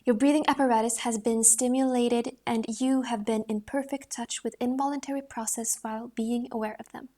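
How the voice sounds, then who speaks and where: A woman reading a voice-training book aloud in a calm, measured way, with the occasional restart. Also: fairly high pitch.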